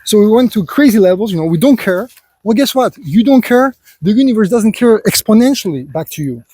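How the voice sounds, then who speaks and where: Rambling, preachy man with a husky voice. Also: high voice, animated, brisk, mellow, dry recording. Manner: rambling, heavy with filler phrases; preachy, lecturing the listener as "son". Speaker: vlogger. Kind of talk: unscripted personal monologue.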